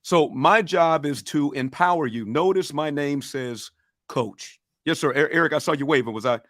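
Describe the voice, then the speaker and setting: A man's voice: fairly high pitch, moderate pace, fairly bright tone, no echo, studio quality. A man with a Southern accent, coaching a livestream audience in a fired-up, preacher-like way and urging them to respond. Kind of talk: motivational teaching on a livestream.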